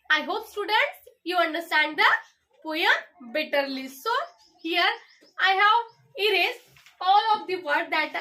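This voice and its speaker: A young woman with an Indian English accent, a student teacher leading a poem lesson and spelling words out slowly letter by letter. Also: very high-pitched, sharp tone, poor audio.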